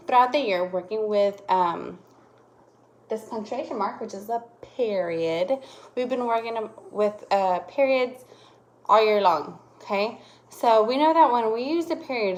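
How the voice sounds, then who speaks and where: A woman's voice: medium pitch, darkish tone. A young woman teaching a lesson to small children, patient, checking in often with "okay?" and exaggerating her intonation to show how it works.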